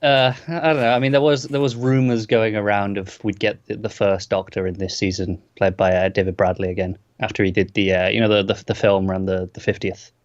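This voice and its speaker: A man's voice: on the low side, level tone, brisk, few pauses, dull audio. A man co-hosting a casual TV review chat, enthusiastic and explaining his points. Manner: enthusiastic, explaining, slightly defensive. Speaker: podcast co-host.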